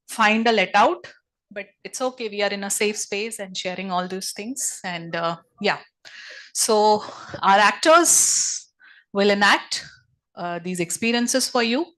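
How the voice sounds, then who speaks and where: A woman with an Indian English accent guides a group workshop with a mid-pitched voice. She speaks gently and reassuringly, repeating her encouragement over and over. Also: takes it slowly, long pauses, rough recording. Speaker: workshop facilitator.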